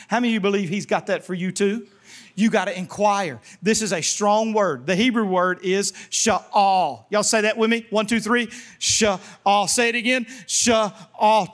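A man preaching as pastor, animated and leading his congregation in call-and-response, acting out prayers and voices of the people in his stories. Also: sits high. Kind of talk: sermon.

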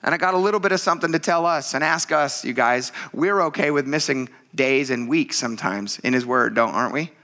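Bright, earnest man preaching a sermon. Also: mid-range voice, fairly quick, few pauses. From United States. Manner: earnest and conversational, often calling the congregation "you guys". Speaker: pastor.

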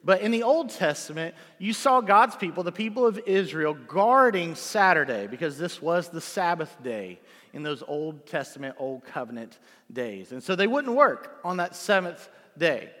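A man's voice: fairly high pitch, sing-song, moderate pace, a bit bright. Man preaching in a reverberant church. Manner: conversational preaching with rhetorical "right?" checks. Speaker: pastor. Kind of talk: sermon. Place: church sanctuary. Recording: long hall reverb.

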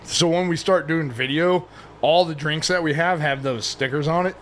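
A man's voice: a little high, normal speed, noisy background. A man co-hosting a podcast, teasing his friend in casual chat and calling him dude. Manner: teasing, laughs a lot, says "dude". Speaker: podcast co-host.

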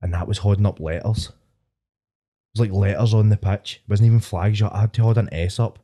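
A man's voice: lowish voice, steady tone, normal speed, dark tone. A Scottish man in his twenties, hosting a podcast and telling a long, rambling, sweary story in casual chat. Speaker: podcast host.

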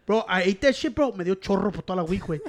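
A man in casual chat among friends, animated and swearing, switching between English and Spanish. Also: sits high, rapid-fire.

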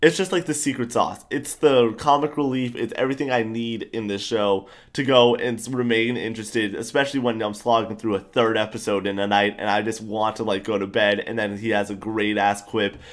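A young man chatting casually about a TV show, enthusiastic and rambling, with animated outbursts. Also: on the low side, a little fast, few pauses.

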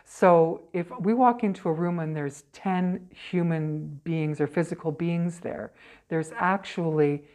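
Casting: low-pitched chatty woman, medium telling stories in an interview. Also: measured pace. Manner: chatty, animated, frequent okay and right tags. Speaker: psychic medium guest. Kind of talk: casual interview storytelling.

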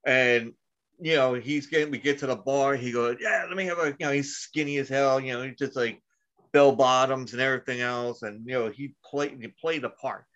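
A man's voice: mid-range voice, steady tone, moderate pace, a bit bright. A man hosting a casual podcast chat, telling long profane stories and laughing at them. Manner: rambling, profane, laughs at his own stories. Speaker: podcast host. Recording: dull lo-fi sound.

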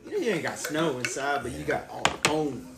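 A man's voice: a little high, fairly quick, creaky, reverberant, a loud crowd. A man in a casual chat, laid-back and laughing along, cursing casually while he tells stories.

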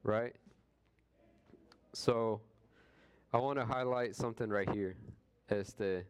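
A man's voice: fairly low pitch, measured pace, clean tone. A man leading a casual Bible study, retelling scripture in slangy everyday words and acting out what people said. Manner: acts out quoted voices with jokes.

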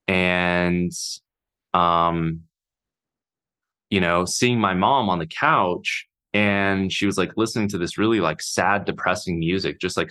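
A man telling his own life story off the cuff, halting and full of fillers, swearing casually. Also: deep voice, fairly bright tone. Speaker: podcast host. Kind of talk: unscripted personal storytelling.

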